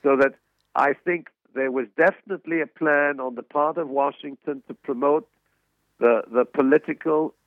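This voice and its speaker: An older man, a professor emeritus, answering interview questions in a halting way, with many restarts and fillers. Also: on the high side, fairly even intonation, no echo. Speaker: interview guest, author and emeritus economics professor. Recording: tinny phone line.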